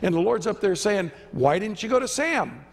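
A male guest preacher, his high voice gravelly and sing-song, preaches emphatically at normal speed and acts out the voices he quotes. His words ring with the long reverb of a church sanctuary.

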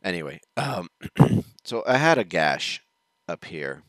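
A man with a low, deep voice that still has a bright, forceful edge tells a rambling personal story on a reaction stream. He chuckles often and keeps restarting his sentences. The recording is dry, with no room sound. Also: sing-song, slow pace, no echo. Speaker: reaction show host. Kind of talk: casual storytelling.

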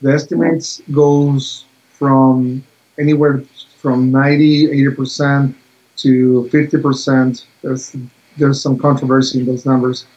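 Man, guest expert, hesitant, frequent fillers, monotone, muffled video call audio. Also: mid-range voice, unhurried. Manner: hesitant, many fillers, even delivery. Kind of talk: casual science interview.

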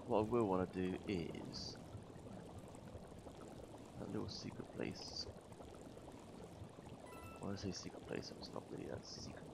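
A man commentating his gameplay, muttering to himself between loud, swearing outbursts, a little tired. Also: low-pitched, fairly even intonation, unhurried, creaky, pauses often, heavy background noise. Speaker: gaming video host. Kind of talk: let's play commentary. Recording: faint game music behind.

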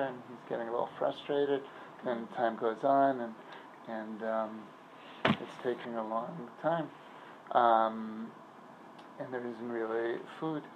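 A man, a rabbi, giving an informal class in a synagogue, telling stories and analogies in a conversational way, pausing to search for words. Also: medium pitch, dull audio, a little hiss or hum.

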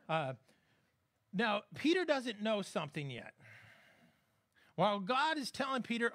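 A pastor delivers a relaxed, conversational sermon, his voice sitting high for a man. He keeps checking in with the congregation and slips in light jokes as he preaches. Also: moderate pace, pauses often. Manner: conversational, humorous preaching with frequent audience check-ins.

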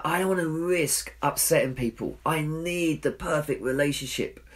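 A man speaks at a church in a talk that was recorded. He sounds earnest and pokes gentle fun at himself, and his pitch sits at a middle level for a man. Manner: earnest and self-deprecating, acts out his own inner voice.

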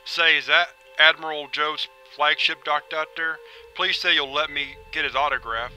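A man's voice: fairly high pitch, fairly even intonation, normal speed, bright, forceful tone, faint music behind, poor audio. A man voicing an eager, polite teenage boy who thinks he is a space cop, full of gee-whiz exclamations.

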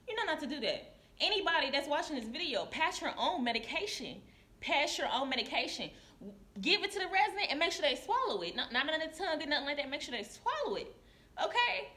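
A woman nurse telling a story to camera in casual confessional style, animated and acting out her coworkers. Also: sits high, a little fast. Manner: animated, acts out coworkers' voices. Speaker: licensed practical nurse. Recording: echoey room.

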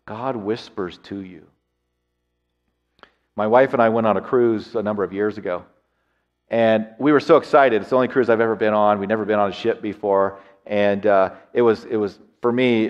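A pastor with a fairly low voice delivers a sermon, dropping to hushed tones and then rising to loud, lively storytelling. He repeats words as he builds a point. The recording carries a long church-hall reverb and a dull, lo-fi sound. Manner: swings from hushed, near-whispered lines to loud, excited storytelling. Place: church sanctuary.

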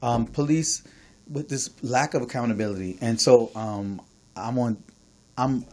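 A man from New York with a New York accent, co-hosting a casual podcast chat, animated and emphatic, swinging between loud bursts and soft asides. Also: mid-range voice, measured pace. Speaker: podcast co-host.

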